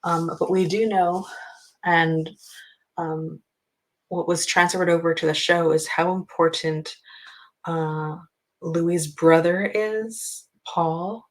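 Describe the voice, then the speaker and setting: Low, unhurried woman host, casual book chat, rambling and full of ums. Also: fairly even intonation, rough recording. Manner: chatty, rambling, many ums.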